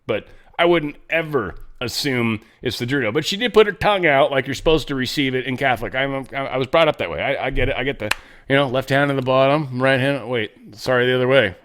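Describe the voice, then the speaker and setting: A man's voice: medium pitch, fast talker, fairly bright tone. A man hosting a casual political commentary show, rambling and restarting his thoughts with irreverent, jokey asides. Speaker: show host.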